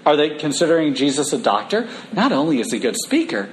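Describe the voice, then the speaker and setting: Higher-voiced man preaching a sermon. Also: quick pace, slight background noise, low-quality recording. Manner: casual, animated asides between scripture readings.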